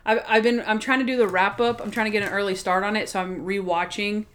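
A woman co-hosts a podcast, chatting casually about TV episodes. She talks in an animated way with plenty of filler words. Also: mid-range voice, fast. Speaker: podcast co-host. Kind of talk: casual chat reviewing TV episodes.

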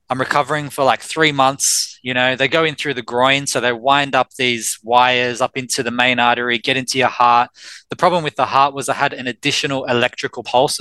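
Australian man in his thirties, candid storyteller, bright voice, dry close sound. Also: mid-range voice, clean tone, no room sound, low-quality recording. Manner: candid, animated retelling with quoted dialogue. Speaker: life coach and personal trainer, guest. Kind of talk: casual storytelling in an interview.

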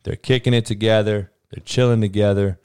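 A man's voice: on the low side, fairly even intonation, brisk, a little mellow, clear, resonant tone, no echo, clean studio sound. A man hosting a podcast, delivering a heated, combative sports rant full of cursing. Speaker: podcast host.

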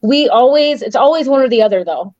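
An excitable woman rambles through a casual podcast chat and acts out what others said. Her voice is dry and close. The audio sounds slightly dull and lo-fi. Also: on the high side, a little fast, no echo. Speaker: co-host of a paranormal podcast.

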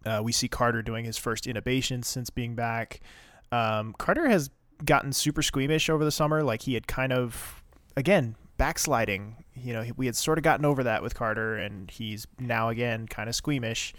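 A man's voice: medium pitch, normal speed, fairly bright tone, no echo. A man co-hosting a podcast, casually recapping a TV episode in a rambling, chatty way. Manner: chatty, rambling with fillers and asides. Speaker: podcast co-host.

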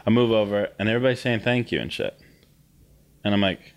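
A man's voice: fairly low pitch, brisk. A young Canadian man co-hosting a podcast, chatting casually, swearing a lot as he rants and laughs. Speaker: podcast co-host. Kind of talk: casual chat.

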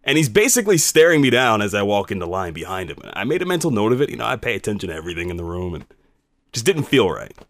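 A man, a radio host, telling a personal story in an animated, conversational, emphatic way. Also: fairly low pitch, quick pace, no room sound, clean studio sound.

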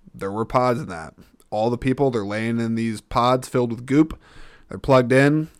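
Recorded at studio quality with no room sound, this male podcast host talks casually on his own show in a medium-pitched, fairly bright voice. His delivery wanders as he thinks out loud, often breaking off and beginning again.

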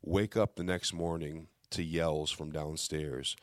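A young man casually telling a childhood story to friends on a podcast, animated and laughing through the punchlines. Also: rumbling low, slow, dry recording.

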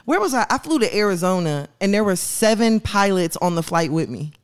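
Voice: medium pitch, sing-song, a little fast, smooth. A podcast co-host chatting casually, swearing and laughing as they tell a story. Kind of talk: casual chat.

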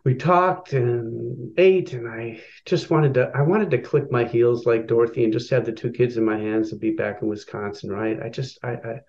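A man's voice: medium pitch, moderate pace, gravelly, few pauses. Male guest, mid-range voice, storytelling with fillers, lo-fi recording. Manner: personal, animated storytelling with filler words. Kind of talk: storytelling in an interview.

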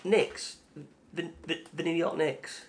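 A man co-hosting a casual podcast, relaxed, adding short replies and then telling his own story. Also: a little high, slow, a little hiss or hum. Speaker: podcast co-host. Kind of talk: casual chat.

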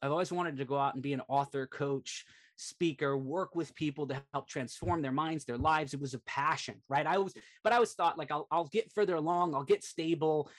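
A middle-aged man with a fairly high voice tells a personal story as a podcast guest. He speaks earnestly and with animation, often filling gaps with "like". His delivery is conversational storytelling rather than a scripted read. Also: a little fast. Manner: earnest, animated retelling, frequent "like" fillers.

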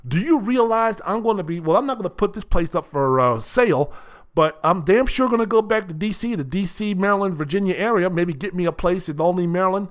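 A man's voice: sits high, animated, brisk. Blunt, rambling older male sports host. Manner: rambling, blunt, profane, many fillers. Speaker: sports talk show host. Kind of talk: casual solo sports commentary.

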